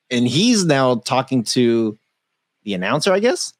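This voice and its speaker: A man hosting a tech podcast in a loose, joking, casual way. His pitch swings widely as he talks, and the sound is dry and close, with no room around it. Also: very animated, measured pace, no room sound. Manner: loose, joking, laughs often, swears. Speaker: podcast co-host. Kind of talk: casual tech-news chat.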